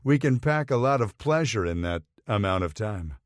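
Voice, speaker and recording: A man's voice: fairly low pitch, animated, normal speed, no room sound, clean studio sound, natural voice. A man voicing a smug, affectionate grown man who talks in a wry, teasing way.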